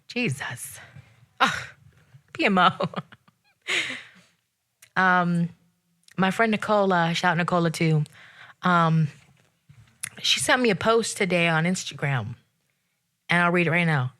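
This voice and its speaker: A woman talks on her own show in a loose, sassy rant, her voice bright and forceful. She sounds exasperated and animated, jumping up in pitch when something annoys her. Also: measured pace, long pauses. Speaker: podcast host. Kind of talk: casual solo rant.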